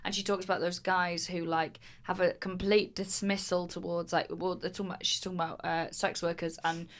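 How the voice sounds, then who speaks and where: A woman comedian co-hosts in a relaxed, chatty way, swearing freely and scattering fillers through her talk. Her voice sits a little low for a woman. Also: brisk. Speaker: comedian and podcast co-host. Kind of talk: casual chat.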